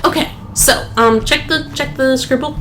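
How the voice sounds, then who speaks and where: A woman co-hosting a let's play, chatting casually and reading in-game notes aloud in a slow, solemn voice. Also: sits high, fairly bright tone, slight background noise. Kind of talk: casual gameplay chat and read-aloud.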